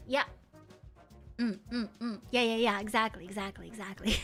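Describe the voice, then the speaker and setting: A woman's voice: medium pitch, fairly even intonation, normal speed, pushed and bright, faint music behind. A young woman streamer in casual chat with her viewers, loose and giggly, swearing freely and humming while she reads chat. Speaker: VTuber streamer chatting with viewers.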